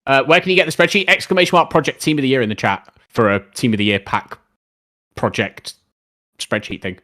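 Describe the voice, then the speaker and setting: A man's voice: medium pitch, fairly even intonation, fairly quick, pushed and bright. A young man streaming live, chatting casually about football and answering viewer questions in a rambling, opinionated way.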